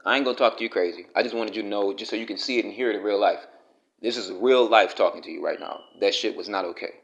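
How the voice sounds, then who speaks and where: A man's voice: fairly low pitch, fast talker, gravelly. A man with delivering a blunt, profane, scolding rant to the camera, talking straight at the person he criticizes. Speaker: commentary vlogger.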